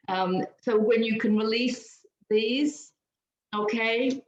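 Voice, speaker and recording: A woman's voice: medium pitch, a little mellow. Laughing, earnest woman reading tarot. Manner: earnest and upbeat, laughs often. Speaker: tarot reader. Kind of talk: weekly tarot card reading. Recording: roomy, slightly dull sound.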